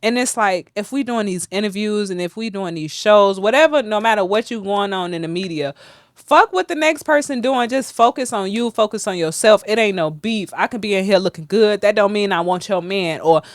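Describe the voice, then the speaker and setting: A woman speaks as a podcast guest, blunt and fired up, with plenty of profanity. Her voice sits at a middle pitch. The studio sound is dry and close. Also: lively intonation, fairly quick, dry recording. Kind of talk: candid interview talk.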